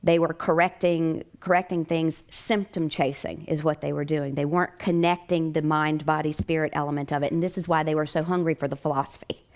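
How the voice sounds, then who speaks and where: An American woman, a chiropractic doctor, telling a personal story in a lively way with frequent laughter. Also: deep voice, a little fast, hardly any pauses.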